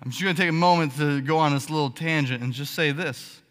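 A man preaching a sermon as pastor, animated and sarcastic, checking in with the congregation with frequent "okay?" asides. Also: on the high side, fast, a little hiss or hum. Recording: long hall reverb.

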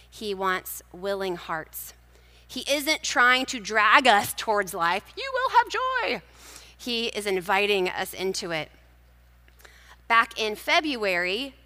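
A woman's voice: medium pitch, bright, forceful tone, long reverb tail. A woman giving a personal devotional sermon, telling stories and reading scripture in a conversational way. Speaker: speaker at a church gathering.

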